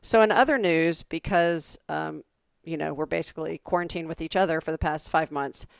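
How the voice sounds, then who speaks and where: Chatty woman in her forties, low voice. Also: moderate pace, creaky, clear, resonant tone, no echo, studio quality. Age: 40s. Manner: chatty storyteller with many restarts. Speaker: podcast co-host. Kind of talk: casual chat.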